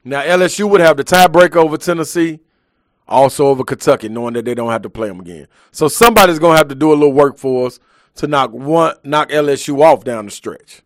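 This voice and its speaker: A man's voice: fairly high pitch, fast talker, dry recording, studio quality. A man hosting a live sports talk show, ranting emphatically in heavy slang.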